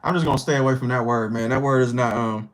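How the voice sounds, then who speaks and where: Reacting to his stream chat, this livestream host talks casually and swears freely. He speaks at a quick pace with a medium-pitched voice, and the audio quality is poor.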